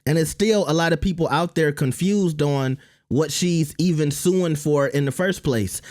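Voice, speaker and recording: A man giving solo commentary, addressing viewers directly and deliberately. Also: on the high side, a little mellow, no echo, clean studio sound.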